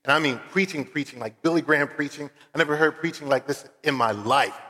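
Long reverb fills the church sanctuary as a Philadelphia man, preaching as a guest, speaks a little fast in a fairly high voice that sounds pushed and bright. He stays earnest and conversational, using casual fillers in his stories.

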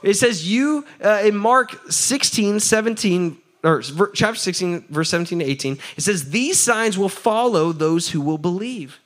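A man's voice: sits high, normal speed, hardly any pauses. Upbeat man preaching a sermon. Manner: energetic, asks the crowd for answers; laughs often, repeats "right?". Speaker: pastor.

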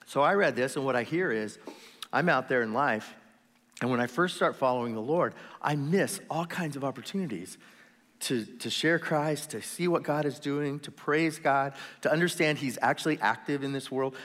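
A man preaching a sermon in a lively storytelling manner, acting out quoted voices with sudden loud bursts and quiet asides. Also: mid-range voice, moderate pace, long reverb tail. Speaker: pastor.

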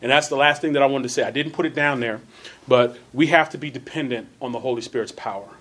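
With a mid-range, slightly bright voice, a man leads a church Bible class. He's earnest, repeats phrases to drive points home, and reads scripture slowly, stressing words.

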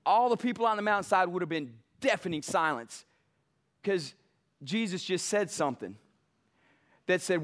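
A man's voice: high-pitched, expressive, normal speed. A male pastor preaching a sermon emphatically, building passion. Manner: emphatic, building passion, mocks soft quotes.

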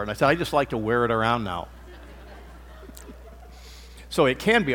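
A man's voice: mid-range voice, expressive, normal speed, long pauses, a bit bright, big-room sound, a little hiss or hum. A male pastor giving a conversational sermon, shifting his emphasis on words as he teaches.

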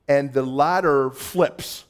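A man preaching a sermon as pastor, moving between loud emphasis and hushed, quiet passages and acting out quoted voices. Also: mid-range voice, slow pace, clean tone.

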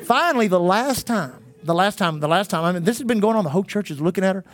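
A man's voice: sits high, expressive, fast. A man preaching at a charismatic church service, calling out to the congregation. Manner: fervent, calls out to congregation.

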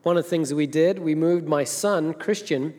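A man's voice: a little high, moderate pace, darkish tone. Middle-aged male minister, chatty storytelling sermon, big echoing church hall. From Zimbabwe. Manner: chatty, storytelling, with filler hesitations. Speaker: senior minister. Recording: long reverb of a large church hall.

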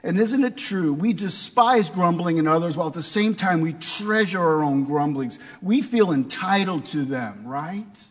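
Pastor guy preaching, kinda husky, lots of questions to the crowd, big echoey church. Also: a little high, expressive, normal speed, hardly any pauses. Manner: conversational preaching with rhetorical questions. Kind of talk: sermon.

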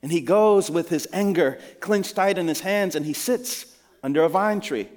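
A man's voice: high-pitched, normal speed, a little mellow. A male pastor preaching a sermon in an earnest, conversational storytelling manner. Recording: long hall reverb.

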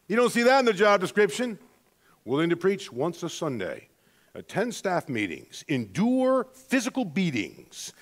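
High-voiced earnest man preaching. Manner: earnest, swings between quiet and emphatic, with frequent restarts. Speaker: pastor. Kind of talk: sermon.

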